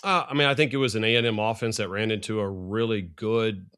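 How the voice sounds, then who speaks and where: A middle-aged man, a sports analyst guest, talking fast and rambling in casual podcast chat. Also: fairly low pitch, fairly even intonation, a bit bright, clean tone.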